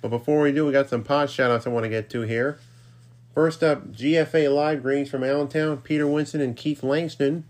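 A man hosting his own podcast, reading listener shout-outs in a rambling, self-deprecating way with offhand asides. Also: mid-range voice, fairly even intonation, brisk. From New York's Capital Region. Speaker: podcast host.

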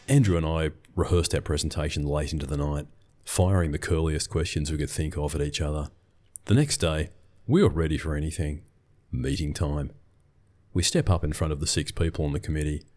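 A man's voice: very deep voice, darkish tone. A middle-aged man, telling a scripted business story in a dry, wry way. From Australia.

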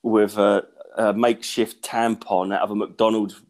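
Groggy, sweary podcast bloke. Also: male voice, lowish voice, flat delivery, measured pace, darkish tone. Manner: swears a lot, rambling storyteller, laughs mid-sentence. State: groggy and unwell. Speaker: podcast co-host. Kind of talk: casual chat.

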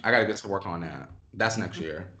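A woman's voice: a bass voice, a little fast, sharp tone. A woman co-hosting a podcast in sassy, emphatic casual chat, calling her friend "girl" again and again. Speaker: podcast co-host.

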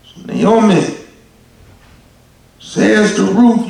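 A man preaching a sermon with impassioned shouts, repeating words in bursts. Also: very high voice, takes it slowly, vocal fry. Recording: echoey hall from far off, congregation.

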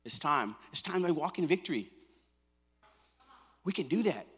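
A male pastor preaching a sermon. He moves between quiet, intimate asides and loud, fervent stretches, and he repeats his phrases with a casual "man" and "come on.". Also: a little high, animated, normal speed, husky, in a large hall. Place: church sanctuary.

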